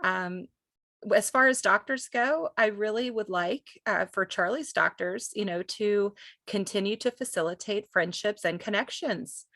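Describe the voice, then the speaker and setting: A woman's voice: medium pitch, a little slow, creaky, sharp tone, dry recording. Candid mother talking on a dry webinar mic. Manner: candid, chatty, uses many fillers. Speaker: parent of a child with Duchenne. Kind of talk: conversational webinar sharing. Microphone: video call microphone.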